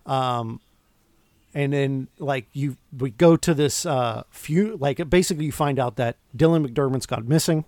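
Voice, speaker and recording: A man co-hosting a podcast, recapping film scenes in an animated, casual way with lots of restarts. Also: medium pitch, measured pace, no echo, clean studio sound. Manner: animated, retells scenes with quoted lines and restarts. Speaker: podcast co-host. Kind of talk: casual movie review chat.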